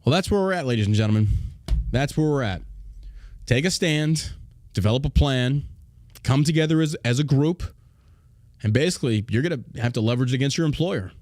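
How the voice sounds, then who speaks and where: A man's voice: mid-range voice, brisk, long pauses, darkish tone, no echo. A man hosting a podcast, ranting in a profane, mocking and heated way. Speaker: podcast host. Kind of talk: ranting political podcast commentary.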